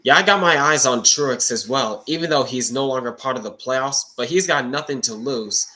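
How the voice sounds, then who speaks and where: A man's voice: mid-range voice, normal speed, sharp tone. A man streaming casual live race reactions, chatty and rambling, often restarting his sentences. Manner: rambling, chatty, repeats himself.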